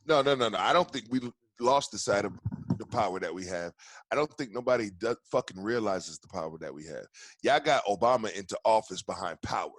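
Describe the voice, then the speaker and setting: A man's voice: lowish voice, expressive, fairly quick, no echo. A man hosting a casual podcast, ranting in a heated, profane way with many restarts. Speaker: podcast host.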